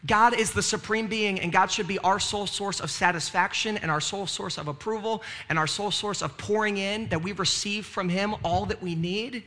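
A man's voice: high voice, fairly even intonation, a little fast, hardly any pauses, pushed and bright. A male pastor preaching a sermon in a conversational way, with frequent "right?" asides and moments of rising fervor.

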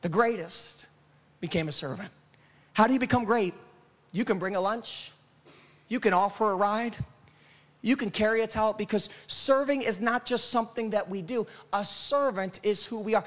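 A man's voice: high-pitched, normal speed, fairly bright tone. A male pastor preaching a sermon in a church, building rhythmic lists and asking the congregation questions.

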